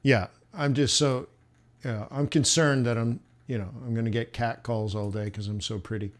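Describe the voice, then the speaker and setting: While hosting a forex trading stream, a man chats with viewers, rambling and making jokes about himself. He speaks at normal speed in a steady, mid-range voice.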